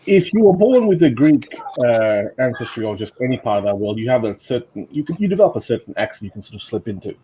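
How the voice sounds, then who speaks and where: Fast-talking blunt man in group chat. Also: mid-range voice, big pitch swings, mellow, a little hiss or hum, low-quality recording.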